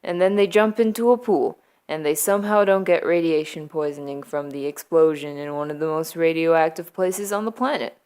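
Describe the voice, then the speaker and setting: Deadpan rambling young woman. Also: low voice, normal speed, hardly any pauses, clear, resonant tone. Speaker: youtuber. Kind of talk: comic movie recap from memory.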